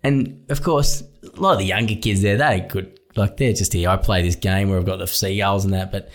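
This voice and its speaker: A man with an Australian accent, a children's author chatting as an interview guest in a relaxed, self-deprecating way. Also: deep voice, fairly quick. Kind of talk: casual interview chat.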